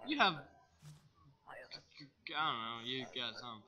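Loud, bright-voiced Australian gamer guy. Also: fairly high pitch, a little slow, pauses often, dull audio. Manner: loud, excitable, swears a lot. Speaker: gaming YouTuber. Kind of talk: let's play commentary.

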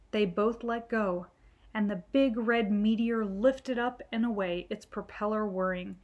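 A woman reading a children's book aloud, gentle and clear. Her storytelling is calm and even-paced. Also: mid-range voice, a little slow, muffled recording. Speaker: storytime reader.

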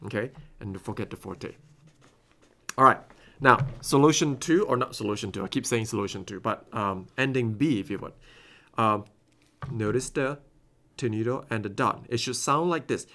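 With a sharp tone and a mid-range voice, a man instructs a recorded clarinet masterclass at a moderate pace. He breaks down phrasing step by step and scat-sings the passages.

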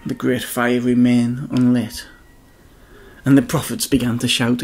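A man's voice: medium pitch, little pitch movement, measured pace, a little mellow. A man narrating a Bible story for children, speaking expressively and addressing the kids directly.

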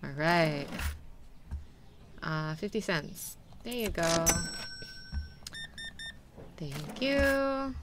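A woman's voice: sits low, takes it slowly, long pauses, noisy background. A young woman streaming a game, chatting animatedly with her viewers and laughing often. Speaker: VTuber streamer. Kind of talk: casual gameplay commentary.

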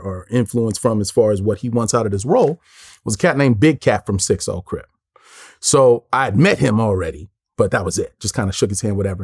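Man, forties, from los angeles, interview guest, lively swooping delivery, higher voice, acts out quotes. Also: no room sound, studio quality. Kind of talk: animated storytelling.

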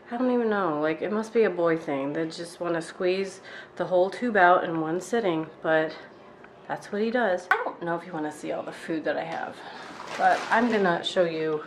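Woman, casual vlog chat, lowish voice, wry and exasperated, home kitchen, faint background noise. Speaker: vlogger.

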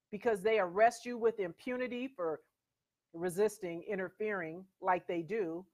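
Middle-aged woman host, casual and emphatic storyteller, mid-range voice. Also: mid-range voice. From USA. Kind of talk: casual commentary.

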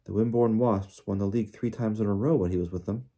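A man's voice: fairly low pitch, steady tone, quick pace, mellow. A man voicing an easygoing teenage boy wizard who speaks casually and reassuringly. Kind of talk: audiobook character voice.

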